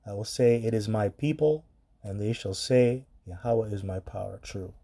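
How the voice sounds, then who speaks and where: A man's voice: fairly low pitch, moderate pace, mellow. A man preaching on scripture in a blunt, profane commentary style, reading verses aloud and reacting to them.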